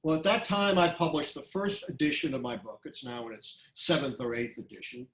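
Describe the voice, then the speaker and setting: Animated older male lecturer, echoey. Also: medium pitch. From Brooklyn, USA. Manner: animated, emphatic storyteller, quick asides. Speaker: history professor giving a talk. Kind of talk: public lecture with anecdotes.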